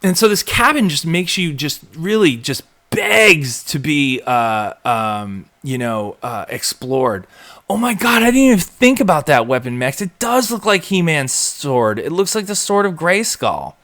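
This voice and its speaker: A man's voice: on the high side, unhurried. A man hosting a live show, chatting casually and animatedly, acting out bits as he rambles. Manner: rambling, animated, acts out quotes. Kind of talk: casual live recap chat.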